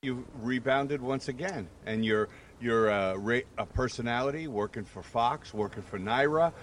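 A man hosting an interview, asking questions and praising his guest in a halting, appreciative way. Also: medium pitch. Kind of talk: casual interview. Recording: slightly distant mic with faint noise.

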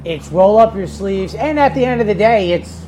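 A man's voice: high voice, normal speed, a little hiss or hum. A man who handicaps horse races, telling stories in casual chat and often repeating words as he starts a thought. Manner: animated storyteller, repeats words when starting. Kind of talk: casual racing talk show chat.

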